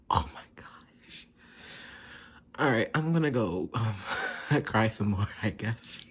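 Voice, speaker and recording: A young adult vlogger sits in his parked car outside his workplace, chatting casually to his phone camera. He is talkative and emotional, laughing at himself, with a medium-pitched, fairly bright voice. There is a little hiss or hum.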